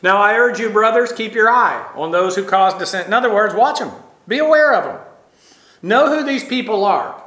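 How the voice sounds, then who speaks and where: High-voiced bright preacher in an echoey room. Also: male voice, animated, moderate pace. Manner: rambling, conversational, many fillers and asides. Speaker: pastor. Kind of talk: sermon.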